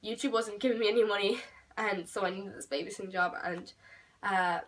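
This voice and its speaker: A woman's voice: medium pitch, a little fast, distant mic, low-quality recording. Chatty teenage Irish girl, set back from the mic. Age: teens. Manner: animated, swearing, lots of "like" fillers. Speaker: beauty vlogger. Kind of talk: casual storytime vlog.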